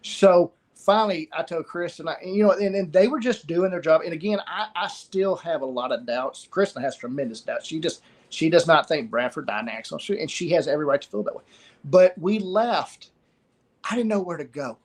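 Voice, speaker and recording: A middle-aged man with a somewhat high voice tells a personal story as an interview guest. He speaks haltingly and often repeats words and short phrases as he goes.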